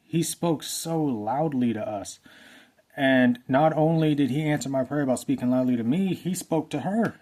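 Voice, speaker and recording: A man's voice: mid-range voice, moderate pace, a little mellow. Earnest man telling a story. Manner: earnest, rambling, repeats phrases. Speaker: vlogger sharing a testimony. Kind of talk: casual storytelling.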